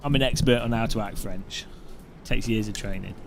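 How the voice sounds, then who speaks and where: A man's voice: lowish voice, moderate pace, creaky, over music. A British man giving casual, joking commentary while sim racing, rambling into funny anecdotes.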